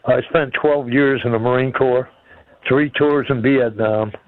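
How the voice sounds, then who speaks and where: A man's voice: medium pitch, steady tone, unhurried, no echo. An older man calling into a radio show, blunt and folksy. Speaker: caller. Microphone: telephone. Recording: phone-line call-in.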